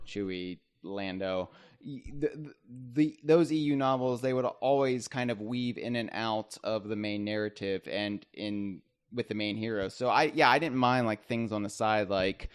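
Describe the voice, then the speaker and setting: A man's voice: fairly low pitch, moderate pace, smooth. A man in a casual podcast discussion, talkative and jokey, working his thoughts out as he speaks.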